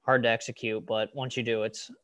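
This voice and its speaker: A man's voice: medium pitch, level tone, fairly quick, fairly bright tone, no echo. A young man who coaches cyclists, chatting on a podcast over a video call and filling his talk with "like" and "you know". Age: young adult. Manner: rambling, full of "like" and "you know". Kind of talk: casual podcast chat.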